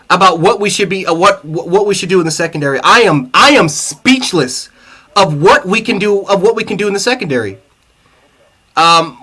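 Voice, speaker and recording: A man's voice: high-pitched, bright, forceful tone. Heated man ranting about football. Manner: angry, profane, repeats himself. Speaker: sports livestream host. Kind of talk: heated fan reaction rant.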